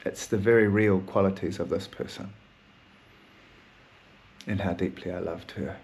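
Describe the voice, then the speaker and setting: A man's voice: low voice, fairly even intonation, a little slow, darkish tone. A man hosting a solo podcast, talking in a raw, emotional, rambling way and swearing often. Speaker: podcast host.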